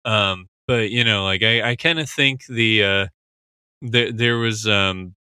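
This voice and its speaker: A man's voice: fairly low pitch, slow, bright, forceful tone, clean tone, dry recording. A man hosting a podcast who talks in a casual, rambling way, full of fillers like "you know" and "like.". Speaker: podcast host. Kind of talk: casual podcast episode discussion.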